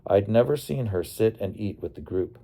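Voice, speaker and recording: A man narrating his memoir as an audiobook in a calm, wry storytelling manner. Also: fairly low pitch, moderate pace, creaky. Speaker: narrator and bus driver.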